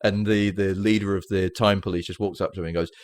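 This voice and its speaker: Low-voiced man chatting about films. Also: dry recording, clean studio sound. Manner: animated storytelling, quick asides. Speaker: podcast co-host. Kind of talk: casual film chat.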